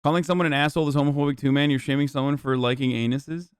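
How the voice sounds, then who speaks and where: A man's voice: medium pitch, fairly even intonation, very fast, clean tone, no echo, clean studio sound. A man in his thirties streaming live, reading his chat aloud and answering it with sarcastic, profane mock outrage.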